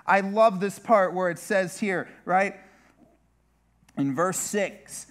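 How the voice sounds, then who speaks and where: A man's voice: sits high, takes it slowly, pauses often. A male pastor preaching a sermon in a chatty way, turning often to the listeners with asides. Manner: conversational, with repeated asides to the listeners.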